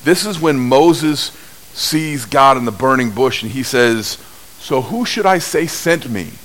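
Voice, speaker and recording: A man preaching a sermon in an unhurried, measured way, his voice at a middle pitch. He tells stories animatedly, rising high and loud and then dropping low and soft. A faint hiss sits under the recording. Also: low-quality recording. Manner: unhurried, animated storytelling with wide swings in pitch and loudness. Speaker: pastor.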